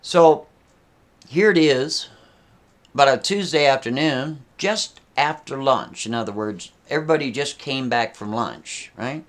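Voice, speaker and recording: A man's voice: medium pitch, a little slow. Chatty male storyteller with folksy asides. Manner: conversational, addressing listeners with asides. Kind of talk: casual spoken storytelling.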